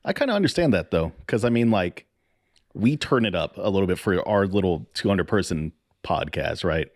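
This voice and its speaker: A man's voice: low-pitched, lively intonation, moderate pace, no room sound, studio quality. A man co-hosting a podcast in casual chat, laughing often, swearing and stumbling over repeated words. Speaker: podcast co-host.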